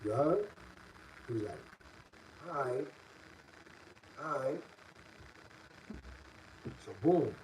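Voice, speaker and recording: A middle-aged man from the Bronx with a New York City accent, telling a story in a casual, streetwise way and rising loud and high when worked up. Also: expressive, very slow, long pauses, recorded from a distance, a little hiss or hum, low-quality recording.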